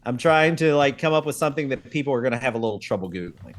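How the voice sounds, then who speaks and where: A man co-hosting a casual live stream, chatty and animated, laughing easily. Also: mid-range voice, quick pace. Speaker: co-host.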